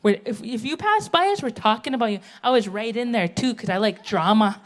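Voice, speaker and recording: A woman's voice: a little high, expressive, brisk. A middle-aged woman from the United States doing a blunt, brash stand-up set on a theatre stage, speaking into a stage microphone. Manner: blunt, brash, tell-it-how-it-is. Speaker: stand-up comedian. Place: theatre stage, live audience.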